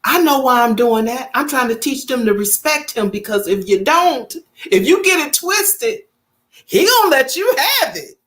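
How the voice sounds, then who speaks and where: A woman's voice: high-pitched, very animated, moderate pace, fairly bright tone. A woman, chatting to camera in a vlog, emphatic and repeating her points. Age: 50s. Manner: chatty, emphatic, repeats points, acts out quoted family voices. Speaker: vlogger. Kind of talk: casual storytelling to camera.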